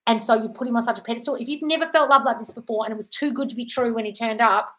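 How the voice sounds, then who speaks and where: A woman's voice: on the high side, fairly even intonation, rapid-fire. A woman answering chat questions on a casual live stream, blunt and sweary, calling viewers darling.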